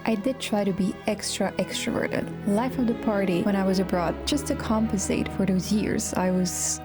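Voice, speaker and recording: A woman's voice: medium pitch, steady tone, normal speed. A young woman from Croatia giving a candid, reflective vlog voice-over. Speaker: vlogger. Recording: music clearly behind the voice.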